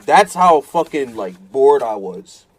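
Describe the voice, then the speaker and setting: A man's voice: medium pitch, big pitch swings, takes it slowly. Casting: male streamer, late 20s, profane self-mocking rambler, casual live chat. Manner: keeps repeating himself in exasperation. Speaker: fighting game streamer.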